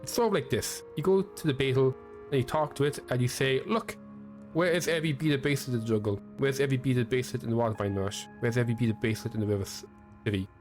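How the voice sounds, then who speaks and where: A man's voice: mid-range voice, fast talker, natural voice. A quirky young oddball from a fantasy video game rambles through strange little stories in a middling voice, read out by a man. Faint music plays underneath. The telling is whimsical and meandering.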